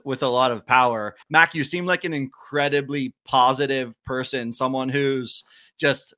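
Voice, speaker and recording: Earnest interviewer guy, bright kinda tense voice. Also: mid-range voice. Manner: earnest, complimentary. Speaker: host. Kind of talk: interview questions.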